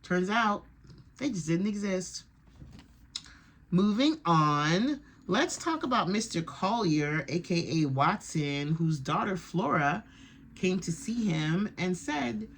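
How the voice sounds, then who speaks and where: A woman's voice: fairly low pitch, lively intonation, slow, slight background noise. Brief: woman reaction vlogger, chatty, opinionated, rambling recap. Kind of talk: casual episode recap.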